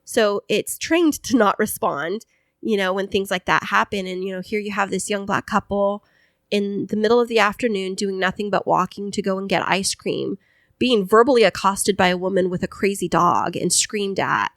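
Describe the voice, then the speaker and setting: A woman's voice: mid-range voice, normal speed, dry recording, clean studio sound. A woman co-hosting a podcast, telling a story in a casual chat and acting out the voices of the people in it. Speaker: podcast co-host.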